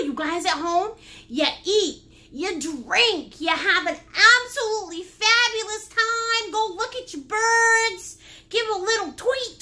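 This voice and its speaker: A woman hosting a live painting class, joking around playfully and greeting viewers by name. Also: extremely high pitch. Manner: animated, breaks into laughs and silly sounds. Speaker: painting instructor and livestream host. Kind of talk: lively livestream painting class.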